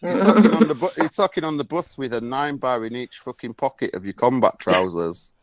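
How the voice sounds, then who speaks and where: A man's voice: medium pitch, animated, fairly quick, crowd noise. A man from Bradford, telling profane, surreal comic stories as a guest on a video call. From Bradford, England. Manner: crude, rambling, surreal anecdotes. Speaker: guest performer.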